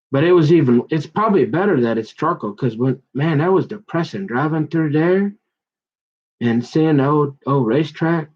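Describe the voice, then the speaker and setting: Rambling, excitable man on a lo-fi recording. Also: on the high side. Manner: rambling, jumps between topics, keeps restarting; loose and excitable, slangy. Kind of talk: rambling monologue.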